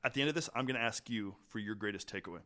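A podcast host tells a story in a loose, conversational way. His voice sits a little low, and he trails off and restarts often as he goes. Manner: animated, trailing pauses and restarts. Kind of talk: casual storytelling chat.

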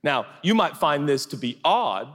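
A man's voice: fairly high pitch, sing-song, moderate pace, fairly bright tone. A man pastor giving a sermon in a large theater, talking in a conversational, humorous and emphatic way. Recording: live hall reverb.

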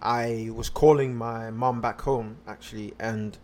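A man's voice: medium pitch, fairly even intonation, unhurried, darkish tone. A man on a podcast casually telling a personal story, rambling with lots of fillers and restarts.

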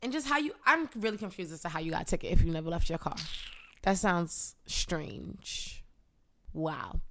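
A young woman co-hosting a podcast in casual chat, laughing often and reacting with quick asides. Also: lowish voice, very animated, a bit bright, slight background noise. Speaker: podcast co-host.

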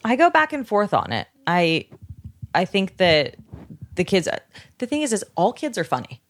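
A woman's voice: medium pitch, normal speed, no room sound. A middle-aged woman chatting casually as a podcast guest, rambling with fillers. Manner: relaxed, rambling with many fillers. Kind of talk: casual chat.

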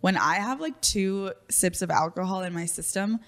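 A woman's voice: medium pitch, expressive, normal speed. A young woman co-hosting a podcast in casual chat, talkative and giggly, with lots of fillers. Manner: chatty, giggly, filler-heavy. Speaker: podcast co-host.

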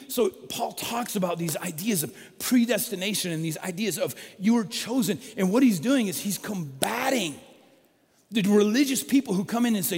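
A man preaching a sermon in a conversational, storytelling way, dropping from loud emphasis to hushed, quiet lines. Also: sits high, animated, moderate pace, breathy edge. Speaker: pastor. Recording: long reverb of a large hall.

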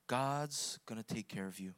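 A man voicing an elderly woman, firm and comforting, quoted slowly in a sermon. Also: on the low side, fairly bright tone, clear, resonant tone, pitched below the performer's own voice, close to an everyday voice. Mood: reassuring.

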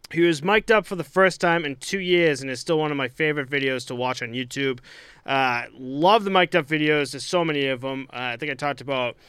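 A young man co-hosting a podcast in casual chat, animated, laughing and swearing often. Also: fairly high pitch, fairly quick, smooth, dry recording. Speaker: podcast co-host.

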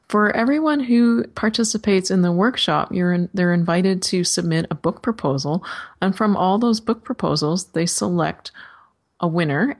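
Woman with a gravelly low voice. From California. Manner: animated, acts out her own inner voices. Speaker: author guest. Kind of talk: casual storytelling interview.

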